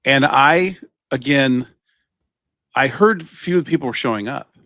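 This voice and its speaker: Guy cohosting a podcast, rambly sports chat, mid pitch, dry mic. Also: slow pace, sharp tone, dry recording. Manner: chatty, breaks off and restarts a lot. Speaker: podcast co-host. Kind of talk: casual chat.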